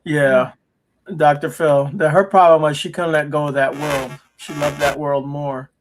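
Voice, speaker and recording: A man's voice: fairly high pitch, little pitch movement, unhurried. A man chatting casually on a livestream, confidently sharing firm opinions. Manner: confident, opinionated about religion. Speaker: livestream co-host. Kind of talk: casual chat.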